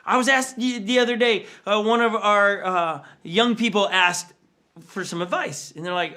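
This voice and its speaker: A man in his forties preaches an online sermon in a loose, conversational way. His voice sits high and sounds bright and forward. He acts out the people in his stories with sudden leaps in pitch. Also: normal speed. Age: 40s. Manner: storytelling, acts out family quotes with big pitch jumps. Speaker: pastor. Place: church livestream.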